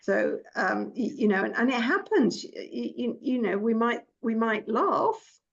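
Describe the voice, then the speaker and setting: A woman with a gravelly edge to her voice chats as a guest on dental compliance, often restarting her sentences as she drifts into anecdotes. The recording sounds dull and lo-fi. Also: fairly high pitch, lively intonation, unhurried. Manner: chatty, many restarts, storytelling. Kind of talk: casual professional conversation.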